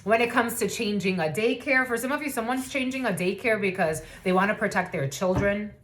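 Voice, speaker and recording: A woman's voice: mid-range voice, a little fast, fairly bright tone, a little hiss or hum. A woman in her thirties giving a casual spiritual reading in a blunt, profane way, with laughing asides. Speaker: spiritual reader.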